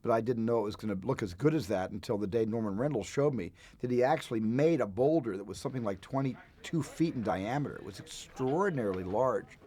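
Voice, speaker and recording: A film director telling relaxed behind-the-scenes anecdotes in an interview. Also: male voice, mid-range voice, fast, hardly any pauses. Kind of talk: reminiscing interview.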